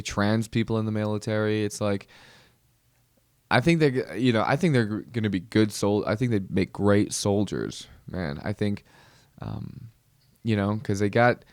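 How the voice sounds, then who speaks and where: A man's voice: fairly low pitch, clear, resonant tone, no room sound, studio quality. A man hosting a podcast, doing a rambling, joking comedic monologue. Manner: rambling, joking, full of fillers and restarts. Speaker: podcast host.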